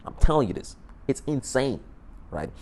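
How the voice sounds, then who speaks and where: A man's voice: medium pitch, normal speed, slight background noise. Profane, rambling male vlogger. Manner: profane, rambling, repeats and restarts words; animated, emphatic. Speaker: dating advice vlogger. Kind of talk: casual storytelling monologue.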